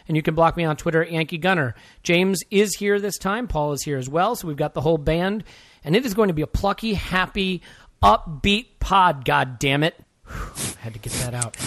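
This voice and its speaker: A man co-hosts a football podcast, talking in a playful, energetic, jokey way. His voice sits fairly high for a man, and the sound is dry and close. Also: no room sound. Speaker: podcast co-host. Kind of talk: casual chat.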